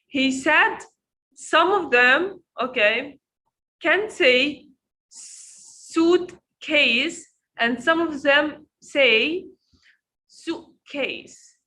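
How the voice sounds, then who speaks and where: A woman with a high, bright voice teaches pronunciation in an online lesson. She speaks slowly. She says each word again and again so learners can copy it. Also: poor audio. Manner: slow, repeats words to drill them.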